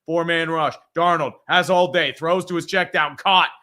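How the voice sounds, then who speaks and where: A man on a casual livestream, mixing profane chat with rapid mock play-by-play commentary. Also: on the high side, fairly even intonation. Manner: rapid, profane, bursts into shouting on big plays. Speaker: co-host doing play-by-play.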